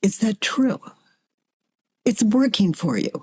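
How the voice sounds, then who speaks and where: An older woman facilitating a self-inquiry dialogue, gently coaxing her guest and calling her honey. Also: medium pitch, big pitch swings, husky. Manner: gentle, slow, coaxing with endearments.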